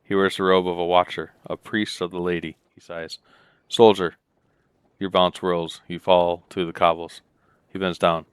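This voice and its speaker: Low-voiced, relaxed man narrating a game playthrough, reading game text aloud between muttered asides; clear tone. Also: normal speed, dry recording. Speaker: let's play gamer.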